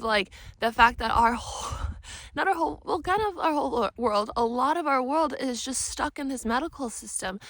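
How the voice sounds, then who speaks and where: A woman vlogger telling a personal story with emotion, animated and frustrated, swearing freely. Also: on the high side, dry recording. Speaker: vlogger, spiritual mentor.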